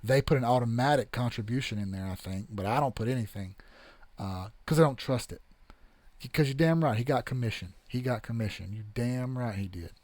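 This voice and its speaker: Young guy, casual host, animated and blunt with profanity, mid-pitched voice. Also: fairly quick, no echo. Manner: animated, blunt, swears freely. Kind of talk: casual storytelling, reading chat.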